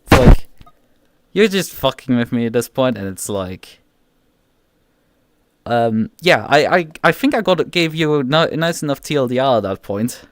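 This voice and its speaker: A man ranting on his live stream, exasperated and swearing, tripping over his own restarts. His pitch jumps around a lot as he vents. The sound is close and dry with no room echo. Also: lively intonation, moderate pace, long pauses. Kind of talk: casual livestream rant.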